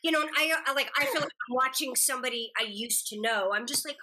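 A middle-aged woman chatting as an interview guest, her voice bright and somewhat high. She tells stories with animated energy, slipping into the quoted voices of the people in them. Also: fast, few pauses. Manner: animated storyteller acting out quotes. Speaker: guest actress. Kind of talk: casual interview chat.

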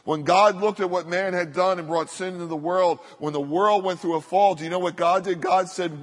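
A man preaching a sermon from the pulpit, his fairly high voice carrying a long reverb through a big hall. He speaks as an earnest pastor, often slowing down and softening to repeat short phrases for weight. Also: fairly even intonation. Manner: earnest preaching that drops to soft slow repetitions for emphasis.

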